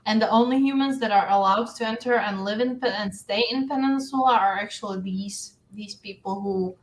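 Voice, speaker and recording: A woman author as a guest in a casual panel chat, talking in halting restarts while she searches for words. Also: medium pitch, rough recording.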